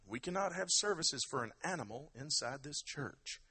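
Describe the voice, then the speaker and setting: A man's voice: expressive, normal speed, slightly rough, full character voice. A man putting on a stern parish priest in a joke told during a sermon. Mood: exasperated. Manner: loud, exasperated, high-pitched.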